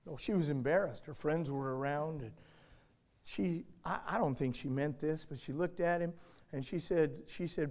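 High-pitched guy preaching, dramatic storytelling, gets loud then real quiet. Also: moderate pace. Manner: dramatic, swings from loud urgency to hushed. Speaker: pastor. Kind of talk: sermon illustration storytelling.

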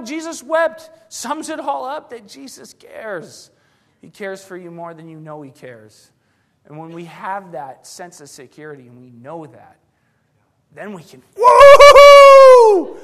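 A man preaching a sermon, telling stories in an animated, excitable way with bursts of shouting. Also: high-pitched.

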